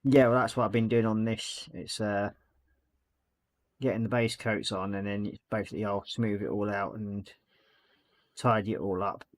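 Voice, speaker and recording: A man's voice: fairly low pitch, steady tone, moderate pace, pauses often, no room sound. A man hosting a casual chat stream, talking while he paints a model and laughing often. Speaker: streamer host.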